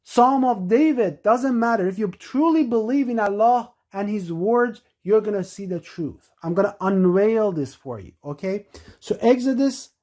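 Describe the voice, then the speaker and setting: A woman's voice: medium pitch, dark tone. Emphatic woman teaching scripture. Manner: emphatic, slows to stress key words. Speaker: religious teacher. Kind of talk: scripture-reading lecture.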